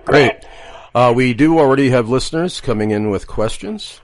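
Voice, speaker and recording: A man's voice: mid-range voice, expressive, normal speed, no room sound. A man hosting a radio talk show, reading listener questions in a friendly, lightly joking way.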